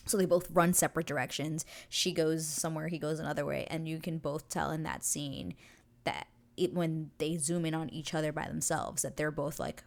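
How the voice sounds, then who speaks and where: A woman's voice: sits low, steady tone, normal speed, gravelly. A young woman hosting a show, casually recapping a scene in a gushing, breathless way. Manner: gushing, breathless retelling with acted quotes. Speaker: show reaction host.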